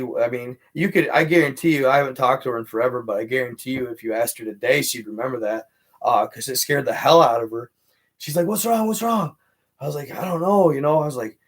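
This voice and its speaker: Livestream host, male, mid-pitched, loose rambling delivery full of "like" and "you know". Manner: rambling, filler-heavy, animated retelling. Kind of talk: casual livestream storytelling.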